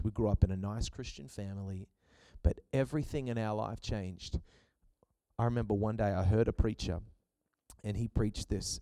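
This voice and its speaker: A man's voice: on the low side, vocal fry, mellow, slight background noise. A man preaching a sermon to a church congregation, with passionate delivery that swells and drops. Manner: passionate preaching, voice rising and falling. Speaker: pastor.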